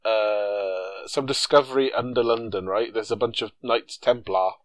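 A man's voice: on the low side, unhurried, no room sound. A man co-hosting a casual film-review chat, sarcastic and jokey, swearing freely. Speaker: podcast co-host.

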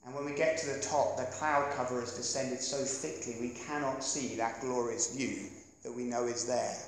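A man in his thirties with an English accent preaching a sermon, animated and joking with the congregation as he goes. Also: mid-range voice. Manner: animated, jokey asides to the congregation. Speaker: pastor. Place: church hall. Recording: echoey church hall.

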